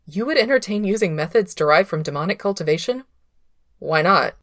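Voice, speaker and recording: A woman voicing a playful, quick-witted young male cultivator who talks with bright, incredulous energy. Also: lowish voice, expressive, no room sound, studio quality. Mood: questioning.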